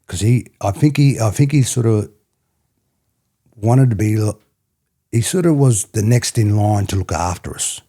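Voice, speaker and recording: Husky-voiced Australian man telling stories. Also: lowish voice, lively intonation, a little slow, long pauses, mellow. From country New South Wales, Australia. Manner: rambling, repeats "you know what I mean". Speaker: podcast guest, former rugby player. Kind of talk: casual reflective storytelling.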